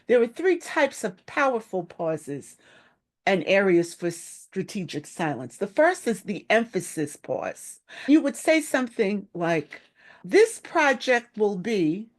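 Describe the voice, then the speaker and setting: A middle-aged woman coach talks in a slow, unhurried way, leaving deliberate pauses between phrases. Her voice sits a little low for a woman. It is a steady, measured live-stream talk on leadership.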